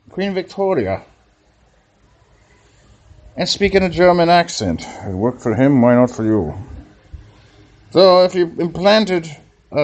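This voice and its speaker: Rambling mock-serious comedian. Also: male voice, fairly high pitch, a little mellow. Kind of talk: comic podcast monologue.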